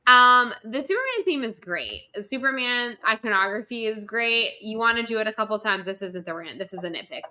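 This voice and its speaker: Young woman podcast co-host, bright and punchy delivery, emphatic rants with casual swearing. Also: fairly high pitch, brisk, hardly any pauses. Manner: emphatic, animated, swears freely. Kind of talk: casual ranting chat.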